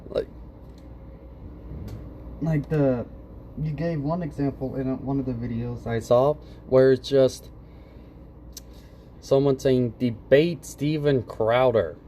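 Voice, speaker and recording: Sarcastic guy ranting at a clip, swears a lot, warm low-key voice. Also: steady tone, slow, long pauses, slight background noise. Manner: sarcastic, profane, mocking mimicry. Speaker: reaction commentator. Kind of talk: casual reaction commentary.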